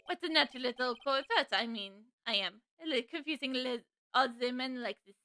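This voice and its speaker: A woman's voice: high voice, fairly quick, bright, forceful tone, dry recording. Chatty young woman playing a game. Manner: chatty, laughing asides. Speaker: let's play streamer. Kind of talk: casual gameplay commentary.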